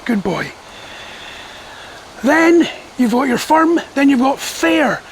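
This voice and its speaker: A man who trains dogs, explaining training methods to the camera in a calm, measured, firm way. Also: extremely high pitch, a little hiss or hum, rough recording. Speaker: dog trainer. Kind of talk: instructional talk to camera.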